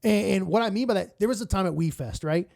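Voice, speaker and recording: A man who co-hosts a morning radio show, a guest telling animated, profane stories and acting out quotes in casual chat. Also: high-pitched, quick pace, vocal fry. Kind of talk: casual storytelling.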